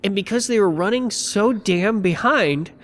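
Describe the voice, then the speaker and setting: A man with a slightly high voice tells a story in casual podcast chat. He is animated and acts out the people he quotes. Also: normal speed.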